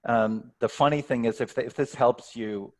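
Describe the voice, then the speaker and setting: A man's voice: mid-range voice, steady tone, normal speed, a little mellow. A man speaking as a guest coach on a video call, answering questions thoughtfully and often repeating words as he starts a sentence. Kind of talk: online workshop Q&A.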